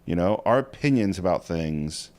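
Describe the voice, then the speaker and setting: A man's voice: low voice, lively intonation, normal speed, darkish tone. A man co-hosting a film podcast, talking through scenes in a casual, analytical way and often digressing. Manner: analytical, explains at length, digresses.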